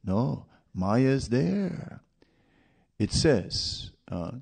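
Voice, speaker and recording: Slow, gravelly male preacher. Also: fairly low pitch, dark tone. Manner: storytelling, with rhetorical questions and asides. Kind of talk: sermon.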